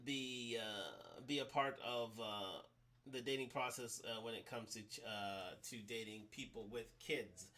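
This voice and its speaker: A man hosting a live-stream talk show, his voice bright and forward. He speaks off the cuff and often stops to restart a phrase. He keeps circling back to the same catchphrases. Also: mid-range voice. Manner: hesitant, many fillers and restarts, repeats catchphrases. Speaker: host.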